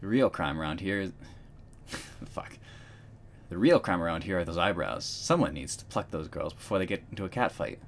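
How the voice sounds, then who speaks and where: A man's voice: low-pitched, animated, normal speed, creaky, a little hiss or hum. A man voicing a flamboyant hair and makeup artist in a game, with an airy, catty delivery. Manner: airy, catty, with a mock French lilt.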